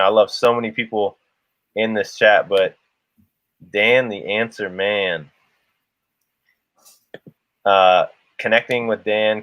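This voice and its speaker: A man's voice: lowish voice, no echo, lo-fi sound. A man co-hosting a casual livestream, rambling and laughing as he talks to the chat. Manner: rambling, laughs often, restarts a lot. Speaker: livestream co-host.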